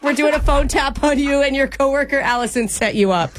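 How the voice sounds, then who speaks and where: A woman making a prank phone call on the radio, teasing in a deadpan way. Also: high voice, a little fast. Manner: deadpan teasing, then apologetic and laughing.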